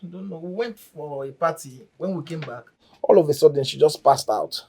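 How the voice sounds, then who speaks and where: An actor voices an anxious young Nigerian man who speaks softly and earnestly. His voice is mellow and dark-toned. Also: on the high side, normal speed, roomy sound, natural voice. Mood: worried. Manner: soft, earnest, worried. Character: devoted young boyfriend, anxious and tender. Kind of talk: film drama dialogue.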